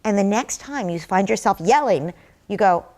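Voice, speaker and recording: In a lively, moderately paced answer, a middle-aged woman with a mid-range, darkish voice offers parenting advice during an interview. She's earnest, illustrating everyday examples by performing little dialogues.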